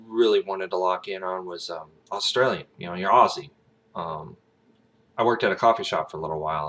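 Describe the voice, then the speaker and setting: A man's voice: sharp tone, a little hiss or hum. A man with a Southern American accent, an aspiring actor, talking in a casual, rambling vlog with plenty of fillers and restarts. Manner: breaks into brief high-pitched accent imitations.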